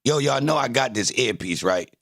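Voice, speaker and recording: A man hosting a livestream, talking in a casual, animated, boastful way full of profane trash talk. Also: medium pitch, normal speed. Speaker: livestream host.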